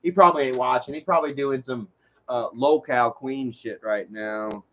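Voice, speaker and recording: A man's voice: medium pitch, moderate pace. A man telling rambling, profane stories on a casual livestream. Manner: rambling, profane, animated storytelling. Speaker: livestream host. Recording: dull lo-fi stream audio.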